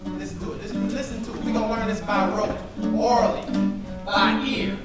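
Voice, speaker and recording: A man leads a room of students through a song, singing each line and then coaxing them to sing it back with him. His fairly high voice sounds far from the mic and echoes around a big hall. Guitar plays loudly under everything he says. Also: steady tone, a little fast. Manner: sings lines then coaxes the group to sing back. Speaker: music teacher leading a group sing. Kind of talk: teaching a song by ear, singing and explaining.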